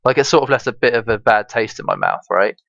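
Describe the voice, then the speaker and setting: A man's voice: medium pitch, quick pace, vocal fry, a bit bright, no room sound. A man co-hosting a casual gaming podcast, thinking aloud with lots of hedging and laughs. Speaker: podcast co-host. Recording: dry, dull lo-fi mic.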